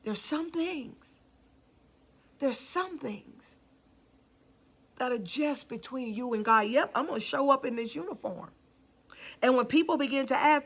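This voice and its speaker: A woman's voice: high-pitched, lively intonation, moderate pace, bright, forceful tone. A woman pastor preaching with passion, calling out to the congregation and sometimes dropping to a near-whisper for emphasis. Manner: impassioned, calls out to the congregation. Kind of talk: sermon.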